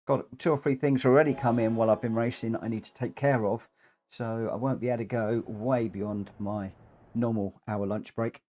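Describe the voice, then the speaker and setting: Guy streaming a racing game, average pitch, rambly chat full of ums, bit breathless, coughs here and there. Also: steady tone, normal speed, warm tone. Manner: chatty, rambling, frequent ums. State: short of breath, coughing now and then. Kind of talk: live gameplay commentary.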